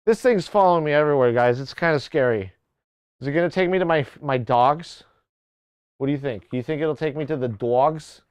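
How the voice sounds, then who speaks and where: A man's voice: on the high side, a little fast, smooth, no room sound. A man hosting a livestream in casual, joking chat, talking to his tracking camera. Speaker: livestream host.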